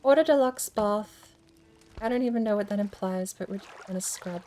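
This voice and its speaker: This woman's medium-pitched, darkish voice moves at normal speed as she chats casually on a game stream. Fiddling with settings, she thinks aloud and over-enunciates every word.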